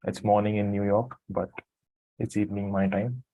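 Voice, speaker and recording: A man who has just woken from a nap, commenting on a live trading stream in a halting, apologetic way as he thinks aloud. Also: lowish voice, steady tone, dry recording, lo-fi sound. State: just woke from a nap, morning voice.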